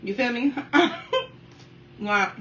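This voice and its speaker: A woman in her thirties from the Washington, D.C. area, chatting casually while eating on camera at home and keeping up a steady stream of remarks to her viewers. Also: on the high side, extremely slow. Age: 30s. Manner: talkative, keeps addressing viewers as y'all. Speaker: mukbang vlogger. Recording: dull, slightly distant sound with faint room noise.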